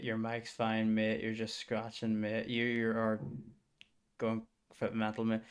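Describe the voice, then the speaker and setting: A man's voice: fairly low pitch, completely flat delivery, moderate pace, a bit bright, clean tone. A young man streaming, bantering with his chat, swearing and muttering to himself between voice-over lines. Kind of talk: casual stream commentary with voice-over.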